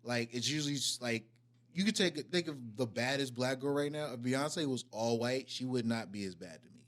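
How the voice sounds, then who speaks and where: A man's voice: medium pitch, normal speed, a bit bright. A young man co-hosting a podcast, chatting casually with loose slang and frequent laughs. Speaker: podcast co-host. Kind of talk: casual chat.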